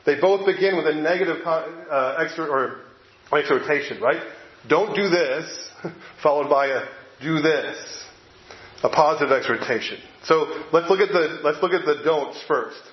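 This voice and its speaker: Casting: middle-aged male pastor, slightly high voice, chatty halting sermon delivery, echoey dull recording. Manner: conversational, halting with fillers and restarts. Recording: echoey, dull lo-fi room sound.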